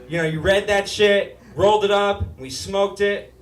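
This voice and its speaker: A young man with a high, whiny, nasal voice performs stand-up comedy on a live stage. The sound is roomy and slightly distant. Audience laughter rolls in behind him. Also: moderate pace, crowd noise. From Utah. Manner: whiny, nasal comic delivery, rising to shouts. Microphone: stage microphone.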